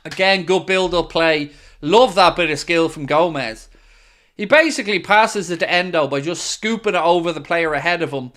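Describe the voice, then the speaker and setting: An Irish man hosting a live football watchalong, reacting excitedly and calling the play as it happens. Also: on the high side, normal speed. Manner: excitable, jumps into play-by-play shouts. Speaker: watchalong host. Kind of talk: live match reaction commentary.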